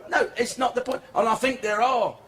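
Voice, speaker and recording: Brash, swearing stand-up comic. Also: male voice, very high voice, fairly even intonation, a little fast, fairly bright tone. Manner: crude, swearing, brash storytelling. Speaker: stand-up comedian. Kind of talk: stand-up comedy set. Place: comedy club stage before a laughing audience. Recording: live club recording, crowd and noise.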